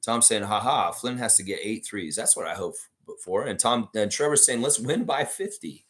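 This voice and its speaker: A hoarse man hosting a live sports stream, reading viewer messages aloud and ranting in a casual, swearing way. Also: on the low side, moderate pace. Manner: animated, reads chat messages aloud, swears freely.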